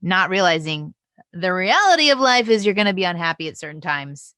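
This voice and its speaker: A woman's voice: on the low side, sing-song, fairly quick, sharp tone, clear, resonant tone, no room sound, studio quality. A woman hosting a parenting podcast, affirming her guest and reflecting on her own experience. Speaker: podcast host. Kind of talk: podcast conversation.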